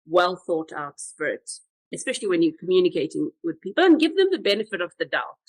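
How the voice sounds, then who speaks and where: A woman's voice: on the low side, fairly quick, dry recording, rough recording. A middle-aged South African woman, a comedian, telling stories in a casual podcast chat and acting out what others said. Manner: animated storyteller, quoting others in acted voices.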